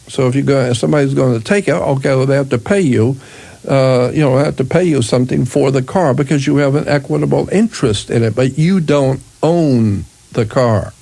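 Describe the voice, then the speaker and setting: A man's voice: mid-range voice, vocal fry, mellow. An older man hosting a radio talk show, explaining his views emphatically, repeating himself and restarting sentences often. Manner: emphatic, repetitive, with frequent restarts.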